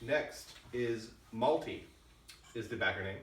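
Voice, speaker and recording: Reading backer questions aloud, a man chats in a casual, dry, matter-of-fact way. His voice is medium in pitch, a bit bright, and a little slow. The recording sounds distant in an echoey room, with faint noise.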